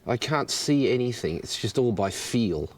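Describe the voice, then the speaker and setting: A man's voice: medium pitch, animated, normal speed, darkish tone, no echo. A man filming himself in his garage as he works under a car, grumbling and swearing at the job and joking at his own expense. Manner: grumbling, swearing, self-mocking asides. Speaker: car vlogger. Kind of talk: casual self-filmed garage vlog. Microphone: external mic on action camera.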